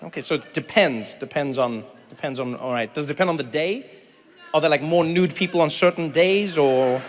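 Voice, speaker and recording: A man in his thirties with a South African accent doing stand-up crowd work, animated and breaking into loud high impressions. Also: moderate pace. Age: 30s. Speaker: stand-up comedian. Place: large theater stage. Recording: live hall with faint crowd noise.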